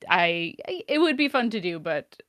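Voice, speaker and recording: A woman's voice: lowish voice, big pitch swings, moderate pace, a bit bright, dry recording. Upbeat woman host, dry close mic. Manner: upbeat, laughs easily, playful swearing. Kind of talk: casual group chat on a voice call. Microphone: computer mic on an online voice call.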